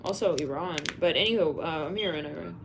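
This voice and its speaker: A woman's voice: sits low, fast, gravelly, noisy background. A woman doing a live psychic reading, musing aloud, spelling out letters and names, with sighs and fillers. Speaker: psychic reader.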